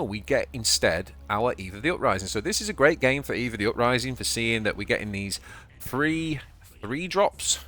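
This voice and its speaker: A man's voice: mid-range voice, fairly bright tone. A man with a Yorkshire accent giving casual, chatty commentary on his own card game as he plays, thinking aloud and often stumbling over and repeating words. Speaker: channel host and card game player.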